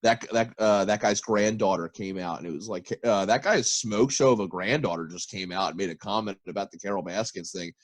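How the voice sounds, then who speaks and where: Man, podcast host, animated storyteller, dry close mic. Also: lowish voice, a little fast, few pauses, no echo. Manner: animated storyteller, acts out quotes loudly. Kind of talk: casual comedy chat.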